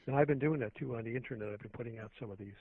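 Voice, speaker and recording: A man of medium pitch talks rapid-fire as a guest on phone-in talk radio, earnest and going on at length with many restarts. The phone line sounds tinny and dry, with no echo.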